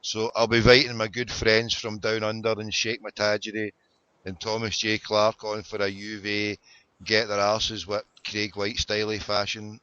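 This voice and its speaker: A man's voice: fairly low pitch, monotone, unhurried, pushed and bright, clear, resonant tone. A man with a Glaswegian accent hosting a casual chat, swearing and calling people mate. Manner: sweary, says "mate" a lot. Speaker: podcast host. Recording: dull lo-fi sound.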